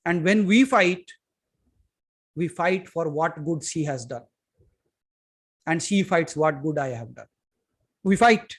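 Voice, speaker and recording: A man with an Indian English accent giving a spiritual satsang talk, emphatic, moving from loud to hushed and putting questions straight to his listeners. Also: fairly high pitch, slow pace, long pauses, slightly rough. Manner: addresses listeners directly with questions. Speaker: spiritual teacher. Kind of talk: satsang talk to a live audience.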